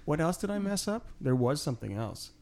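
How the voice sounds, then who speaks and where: A man's voice: on the high side, big pitch swings, fairly quick, gravelly, darkish tone. A man co-hosting a podcast in casual chat, joking and correcting himself as he talks. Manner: joking, self-correcting, chatty. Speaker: podcast co-host.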